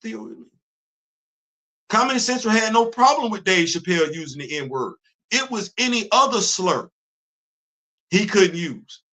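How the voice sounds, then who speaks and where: A man's voice: high voice, animated, a little slow, pauses often, sharp tone. A man hosting a casual livestream, talking emphatically and repeating himself as he drives his points home. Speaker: host.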